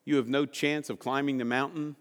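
A man's voice: medium pitch, fairly even intonation, a little fast, fairly bright tone, big-room sound. A man preaching a sermon to his congregation, asking rhetorical questions and repeating key lines for emphasis. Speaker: pastor.

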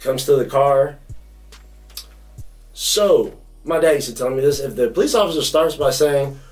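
A young man co-hosting a podcast, telling a story in a casual, profane, animated way. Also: on the high side, moderate pace, far from the mic, faint music behind, poor audio. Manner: animated, profane, acts out quotes. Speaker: podcast co-host.

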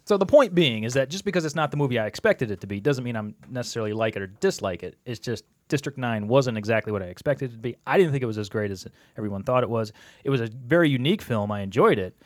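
A man guesting on a podcast, chatting casually and quickly explaining his opinions. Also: medium pitch, animated, no echo. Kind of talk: casual chat.

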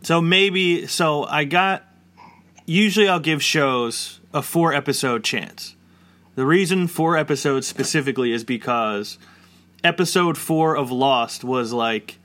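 Around forty, this man speaks at a medium pitch with a pushed, bright quality. He rambles through a casual chat, leaning heavily on "like" as a filler.

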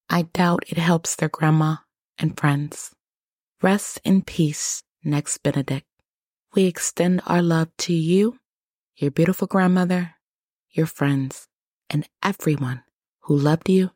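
A woman hosting a podcast at home, talking quietly and low so she won't wake her household. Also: no room sound, studio quality. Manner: quiet and low, speaking softly. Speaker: podcast host. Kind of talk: podcast monologue. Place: home, early morning.

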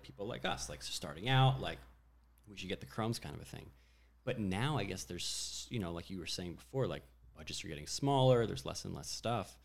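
Deep-voiced man chatting about his work. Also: gravelly. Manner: relaxed, rambling, frequent "like". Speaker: commercial director. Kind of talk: casual chat.

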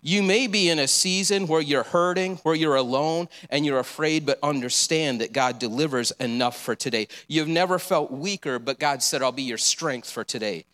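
A man's voice: fairly high pitch, normal speed, few pauses, fairly bright tone. A man preaching a sermon, earnest and encouraging, with casual asides.

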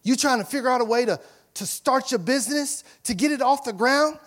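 Emphatic high-voiced male pastor preaching. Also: brisk. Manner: emphatic preaching, rising to loud questions, dropping to soft asides. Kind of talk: sermon.

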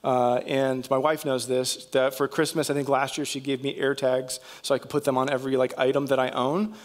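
A man's voice: mid-range voice, flat delivery, a little fast. A male pastor preaching a sermon in a conversational, storytelling way, acting out bits of dialogue.

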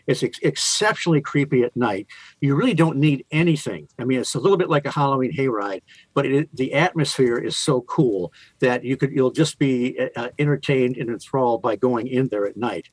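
A man working as a museum tour guide, telling chatty stories in an interview with a playful, deadpan humor. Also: medium pitch, a little fast, breathy edge, dry recording, low-quality recording. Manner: chatty, lots of fillers and restarts, playful deadpan jokes. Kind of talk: enthusiastic interview storytelling.

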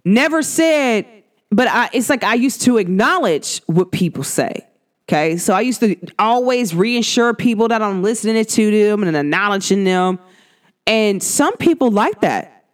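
With a medium-pitched voice and a measured pace, a woman vlogs about astrology in a casual talk to camera. She comes across animated and slangy, speaking directly to her viewers.

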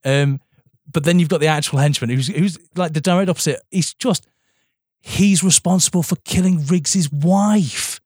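A young man co-hosting a casual film podcast, animated and sweary, laughing often. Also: fairly high pitch, normal speed, no room sound, clean studio sound. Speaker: podcast co-host.

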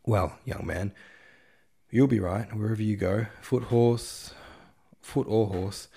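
A man reading aloud, voicing a hearty, patronizing gentleman guest. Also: fairly low pitch, slow, vocal fry, breathy edge, exaggerated voice.

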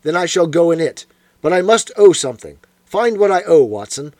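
A man reading aloud and voicing a dazed, opium-addled young gentleman who rambles plaintively. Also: fairly high pitch, very animated, moderate pace, dry recording. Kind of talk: audiobook character voice.

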